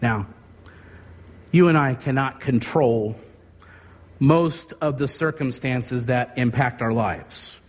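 A man preaching a sermon, telling an illustrative story in a deliberate, drawn-out way. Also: medium pitch, husky, big-room sound. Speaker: pastor.

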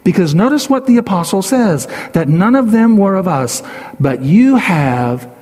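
A man's voice: high-pitched, lively intonation, measured pace, darkish tone, in a large hall. A man preaching a sermon as pastor, emphatic and repeating key phrases for stress, his voice rising and falling widely.

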